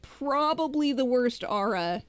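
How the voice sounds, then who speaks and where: A woman's voice: sits high, lively intonation, unhurried, dry recording. A woman co-hosting a game stream in casual, chatty, self-deprecating talk. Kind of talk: casual chat.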